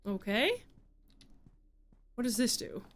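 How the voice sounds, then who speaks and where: Woman streamer reading game lines out loud, highish voice, wry little asides. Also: big pitch swings, takes it slowly. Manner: chatty, wry asides between read lines. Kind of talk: reading game dialogue aloud, casual commentary.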